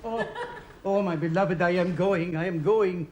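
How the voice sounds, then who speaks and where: A man's voice: sits high, a little slow, a crowd in the background. A man playing a boastful French musketeer in a sketch, with a put-on French accent and hammy, theatrical delivery that laughs at its own jokes. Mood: dying. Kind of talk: 1970s TV sketch comedy. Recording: noisy old TV studio recording.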